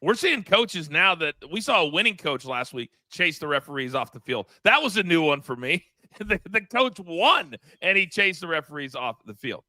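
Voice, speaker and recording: A man hosting a sports betting talk show, lively and quick to laugh. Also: fairly high pitch, no echo, studio quality. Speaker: show host.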